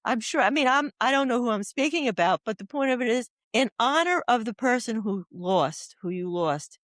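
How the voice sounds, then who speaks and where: A woman's voice: fairly high pitch, lively intonation, moderate pace, dry recording, studio quality. An older woman, an oncology doula, talking as a guest on a podcast. She wanders through stories and anecdotes in a casual, earnest way. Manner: rambling, anecdotal storyteller.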